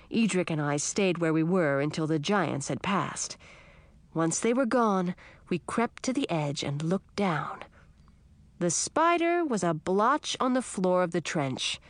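A woman's voice: on the low side, dry recording. Woman narrating a children's storybook. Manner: steady first-person reading with voiced dialogue. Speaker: audiobook narrator.

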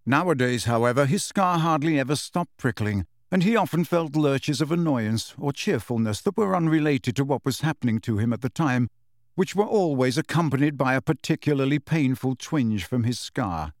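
A male audiobook narrator reads in a measured, storytelling cadence. His pitch sits in a middle range but moves with lively expression. The recording is dry and close, with no room sound. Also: dry recording. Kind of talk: scripted narration.

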